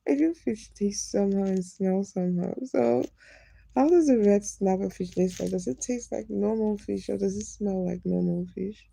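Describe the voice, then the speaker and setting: A woman's voice: medium pitch, moderate pace, vocal fry, warm tone, no room sound, rough recording. A woman live-streaming, chatting casually with viewers, teasing them and laughing often as she reads their comments.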